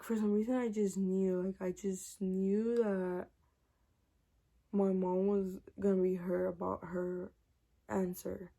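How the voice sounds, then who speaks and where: Young woman, casual storytime vlog, mellow warm tone, cussing, acting out dialogue. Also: mid-range voice, gravelly. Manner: animated, profane, acts out dialogue.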